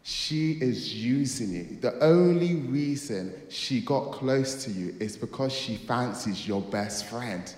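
Pastor preaching in echoey hall. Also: male voice, medium pitch, lively intonation, takes it slowly, hardly any pauses, darkish tone. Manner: storytelling, acts out dialogue, dramatic outbursts. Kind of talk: sermon. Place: church hall. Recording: echoey hall with long reverb.

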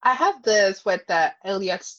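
A woman's voice: medium pitch, lively intonation, measured pace, a bit bright. A woman chatting casually as a podcast co-host, talking hesitantly with lots of fillers. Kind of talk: casual TV recap chat. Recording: dry, dull lo-fi sound.

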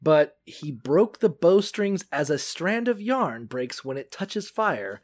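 A man's voice: on the high side, sing-song, slow pace. A man co-hosting a casual podcast, retelling a Bible story with crude jokes and silly put-on character voices. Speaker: podcast co-host.

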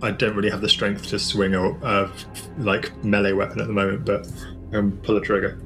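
A man player in a tabletop game, speaking in a quiet, matter-of-fact way. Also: lowish voice, flat delivery, a little fast, vocal fry, faint music behind. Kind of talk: casual game play.

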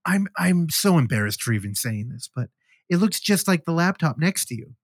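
A man's voice: fairly high pitch, big pitch swings, moderate pace, no echo, studio quality. A man voicing a flustered young woman who keeps apologizing in embarrassment. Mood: embarrassed apology.

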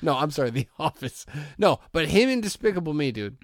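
A man's voice: fairly high pitch, sing-song, a little fast, no room sound, studio quality. A man in casual podcast banter, blunt and teasing, dropping "bro" and "dude". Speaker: podcast co-host. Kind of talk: casual chat.

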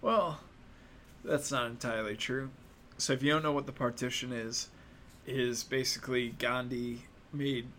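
A man's voice: medium pitch, a bit bright, a little hiss or hum. A young American man giving opinionated, casual commentary in a sarcastic, mocking and profane way. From United States.

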